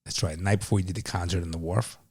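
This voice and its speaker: A man's voice: low voice, fairly even intonation, very fast, slightly rough. A man co-hosting a podcast in casual chat, often chiming in with short repeated agreements. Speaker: podcast co-host.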